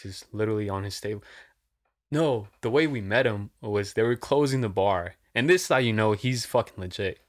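A man's voice: on the low side, moderate pace. A young man telling a rambling, profane story in casual chat, saying "dude" and "like" all the time.

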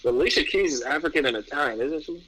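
A young man with a bright, forward voice chatting loosely in an interview. He rambles, restarts his sentences and laughs a lot, keeping everything easygoing. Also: a little high, fast talker, slight background noise, rough recording. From New York. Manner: relaxed, rambling, laughs often, many restarts. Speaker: interview guest, pro athlete. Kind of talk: casual interview chat.

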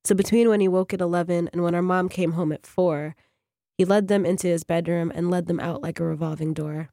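A woman, a fiction writer, reading her own short story on a radio program in a measured, even way. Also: fairly low pitch, no echo, studio quality.

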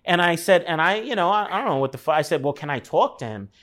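A man's voice: a little high, lively intonation, quick pace, fairly bright tone. Man telling a story, acting out voices. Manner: acts out quoted voices, swears casually. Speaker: guest telling a personal story. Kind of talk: casual storytelling.

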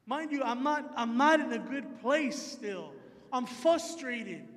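A male preacher with a strikingly high voice, spinning a personal story from the pulpit. He shifts between lively telling and hushed asides, and a long reverb trails his words through the hall. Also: slow pace. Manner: animated storyteller, dropping to low asides. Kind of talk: storytelling sermon.

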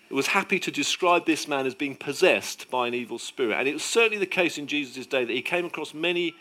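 A man with a fairly high-pitched voice preaches a sermon with emphatic delivery. He swings between loud declarations and hushed moments.

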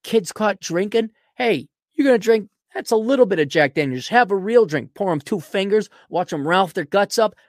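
A man hosting a podcast, delivering a blunt, mocking solo rant and often clearing his throat. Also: high-pitched, lively intonation, moderate pace, hardly any pauses, dry recording, studio quality. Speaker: podcast host. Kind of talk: ranting solo commentary.

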